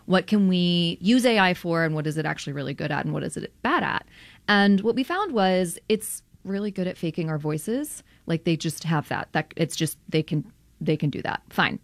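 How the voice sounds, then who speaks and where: A woman guest on a radio interview talks animatedly and casually, laughing often and filling her sentences with "like". Her voice sits a little low for a woman. The sound is dry and close, with no room echo. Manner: animated, quick, laughs often, many "like" fillers. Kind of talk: conversational interview.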